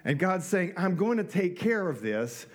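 A man's voice: high-pitched, very animated, normal speed. A middle-aged man preaching a sermon in a conversational way, with rhetorical questions and joking asides. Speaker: pastor.

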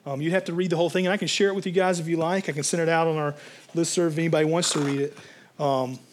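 A man's voice: on the high side, steady tone, very fast, a little hiss or hum. A man preaching a sermon as a pastor, in a conversational, rambling way with fillers and restarts.

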